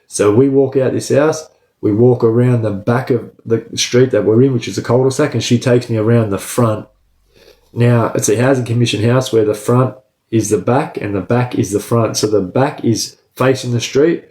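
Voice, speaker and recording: A man telling a story from his own life, casual and profane, tagging lines with "bro" and "right?". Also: mid-range voice. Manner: profane, animated, says "bro" and "right?" constantly. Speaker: storyteller recounting his prison escape. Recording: roomy echo.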